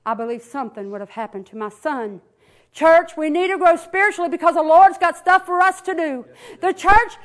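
A woman preaching a Pentecostal sermon in church, swinging from hollering to a hushed near-whisper. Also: sits high. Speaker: pastor. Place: church sanctuary.

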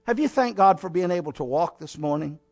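A man preaching a sermon as pastor, telling the story dramatically and swinging between raised exhortation and quiet, close asides. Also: high-pitched, lively intonation, fairly quick, gravelly. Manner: dramatic storytelling, acting out scenes.

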